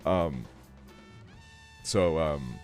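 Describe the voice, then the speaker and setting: A young man with a rumbling low voice talks very slowly while streaming a game, spinning a casual, meandering story packed with fillers and swearing. Faint music plays in the background.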